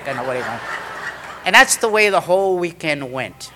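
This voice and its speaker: A man's voice: on the high side, fairly quick, noisy background. A middle-aged man telling a story from his recovery to a meeting, acting out the voices of the people in it. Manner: animated storyteller, acts out quoted voices.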